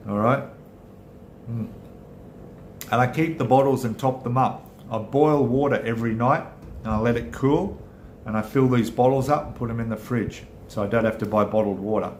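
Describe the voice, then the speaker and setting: A man's voice: mid-range voice, moderate pace, a little mellow, roomy sound, slight background noise. A middle-aged Australian man hosting a casual live chat with viewers, rambling and chatty, often correcting himself mid-sentence. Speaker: channel host.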